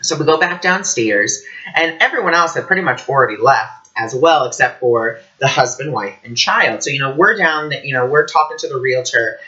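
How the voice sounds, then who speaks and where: A man giving a casual teaching vlog as an intuitive teacher, telling stories in an animated way. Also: mid-range voice, normal speed, highs cut off. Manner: animated storytelling.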